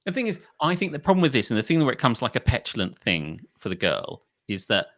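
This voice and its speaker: Animated ranting man. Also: medium pitch, quick pace, dry recording, studio quality. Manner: animated, sweary, acts out both sides of arguments. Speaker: podcast co-host. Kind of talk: casual ranting chat.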